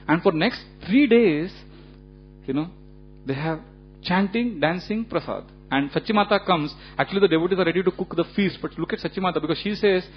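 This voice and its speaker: Man telling a lively sermon. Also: a little high. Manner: animated storytelling with frequent laughs and fillers. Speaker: speaker giving a temple lecture. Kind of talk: storytelling religious lecture. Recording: dull lo-fi recording with faint hum.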